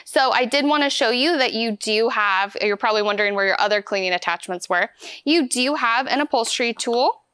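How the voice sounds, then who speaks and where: A woman's voice: fairly high pitch, brisk, fairly bright tone, clean tone, no room sound. A woman giving a hands-on product demonstration, explaining each step in an upbeat, chatty way. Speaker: vacuum store product demonstrator.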